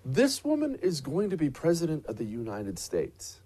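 A man's voice: on the high side, huge pitch swings, moderate pace, warm tone, breathy edge. A man hosting a political commentary show, delivering an indignant, sarcastic monologue.

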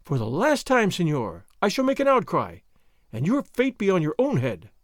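A man's voice: high voice, wildly swooping pitch, normal speed, dry recording, clean studio sound. A man voicing a proud, flustered young noblewoman in a formal, agitated manner. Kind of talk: audiobook character voice.

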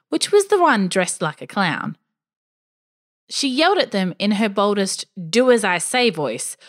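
A woman narrating a scripted first-person story with a dry, wry touch. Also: mid-range voice. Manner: expressive, dryly wry first-person telling.

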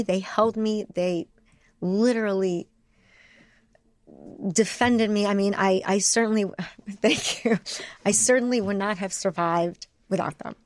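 A woman guest in a candid interview, talking in rapid, emotional bursts and often restarting her sentences. Her pitch sits in an ordinary middle range. The sound is dry and close, with no room in it. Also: no echo.

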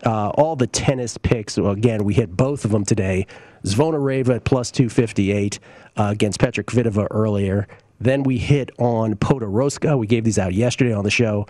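A man's voice: lowish voice, a little mellow, no echo, studio quality. A man hosting a sports betting talk show, giving opinionated, conversational takes on games and bets with plenty of fillers and asides. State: coughing, briefly choked up. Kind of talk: casual sports betting talk, reading listener tweets.

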